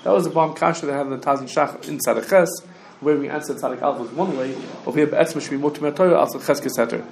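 A man leads a Talmud class in a quick, tumbling way, often restarting his sentences. His voice sits a little high. The room echoes, and there is a faint hiss behind him. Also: gravelly, darkish tone. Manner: quick, restarts often, mixes Hebrew and Yiddish terms. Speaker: rabbi teaching a Talmud class. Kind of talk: casual Talmud study lesson. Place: classroom with students.

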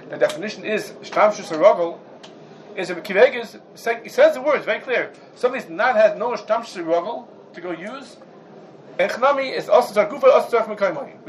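Man, raised pitch, animated Talmud class lecturer. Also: a little hiss or hum, poor audio. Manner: animated, rhetorical questions, mixes Hebrew and Yiddish terms. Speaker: Torah class teacher.

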